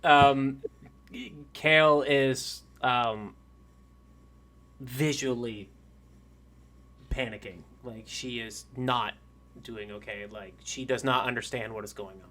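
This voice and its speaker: A man narrating a tabletop game as game master, pausing often with filler sounds. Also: medium pitch, steady tone, a bit bright. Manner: halting, lots of "um" pauses.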